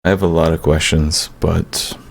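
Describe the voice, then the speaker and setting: A man playing a tabletop game, slow and reassuring. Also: very deep voice, flat delivery, vocal fry. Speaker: player. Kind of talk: casual tabletop play.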